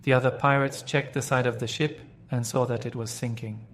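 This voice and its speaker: A man narrating a children's story clearly and steadily for English learners. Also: medium pitch, fairly even intonation, fairly quick, a little hiss or hum. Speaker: audiobook narrator.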